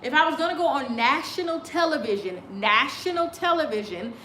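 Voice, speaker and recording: A chatty woman riffs with a sassy edge and laughs often. Her voice sits high and bright. The sound is roomy and echoey, with a faint hum behind it. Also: animated, a little fast. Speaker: vlogger. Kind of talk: casual commentary. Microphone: video call on a choppy connection.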